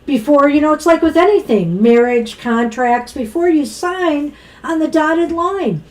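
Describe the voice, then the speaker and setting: A woman co-hosting a tarot reading and chatting through her advice. Her voice sits high with a warm, mellow tone. She sounds reassuring and keeps filling in with "you know". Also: lively intonation, unhurried. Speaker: tarot reader co-host. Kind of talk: casual tarot reading chat.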